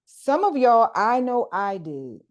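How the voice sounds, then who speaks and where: An animated woman leads a group workshop over a video call. She teaches casually and speaks right to her listeners, slipping into slang as she explains. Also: on the high side, slow pace, highs cut off. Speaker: coach leading a group workshop.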